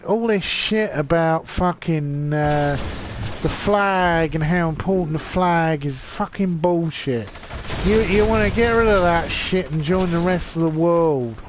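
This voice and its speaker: A man's voice: on the high side, background noise. A drunk man with an English accent, rambling and ranting with a lot of swearing in a casual live-stream chat while gaming. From England.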